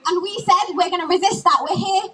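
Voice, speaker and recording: A woman with a very high, bright voice leads chants at an outdoor street protest, shouting call-and-response lines to rally the crowd. She is heard from a distance, with a faint crowd around her. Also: steady tone, fast talker. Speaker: rally host. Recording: distant mic with crowd noise.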